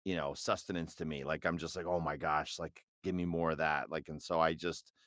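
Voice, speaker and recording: A man's voice: a bass voice, fairly even intonation, fairly quick, fairly bright tone, no room sound, studio quality. A middle-aged man, a voice actor, chatting as a guest in an interview with lots of fillers and restarts. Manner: rambling and hesitant, with many fillers and restarts. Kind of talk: casual interview chat.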